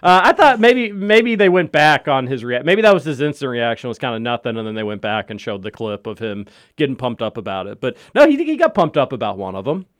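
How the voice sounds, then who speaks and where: A man's voice: medium pitch, fairly quick, few pauses, dry recording, clean studio sound. A man hosting a sports talk show, chatty and jokey with his co-hosts. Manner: animated, jokey, talks over others. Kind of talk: casual sports podcast chat.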